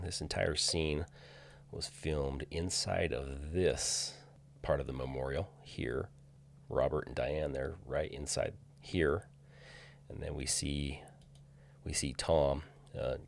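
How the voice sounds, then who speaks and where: A man with a very low, gravelly voice talks through a screen-share in a loose, hesitant way, often restarting his sentences. A faint hum sits under the recording. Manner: hesitant, many fillers and restarts. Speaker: filming location researcher. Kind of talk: casual screen-share walkthrough.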